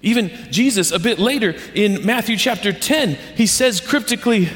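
A man's voice: high-pitched, expressive, normal speed, hardly any pauses, fairly bright tone. A man, the pastor, giving a sermon in a conversational, storytelling way, acting out quoted voices. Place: church sanctuary. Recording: long church reverb.

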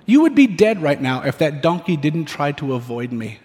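A man's voice: on the high side, very animated, moderate pace, darkish tone. A man voicing a stern male angel who scolds with exasperated questions. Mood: scolding. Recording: echoey hall reverb.

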